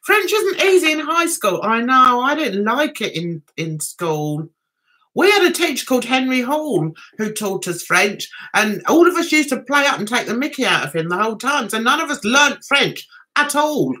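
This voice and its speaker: A woman's voice: a little high, sing-song, normal speed, pushed and bright. A middle-aged woman hosting a casual livestream chat, chatty and giggling often. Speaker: livestream host.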